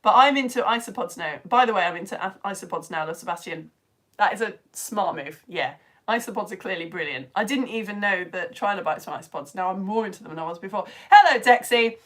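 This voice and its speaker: Expressive and fast-talking, this woman has a mid-range voice with a fairly bright tone and a British accent. She leads a live online science lesson for home-educated children, cheerfully reading out viewers' messages, chatting and laughing a lot.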